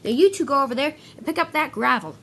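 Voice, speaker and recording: Bossy, proper lady diesel engine, a woman putting her on; high and swooping, scolds when crossed. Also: animated, quick pace, sharp tone, slight background noise, heavily acted. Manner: firm, scolding, a bit stiff.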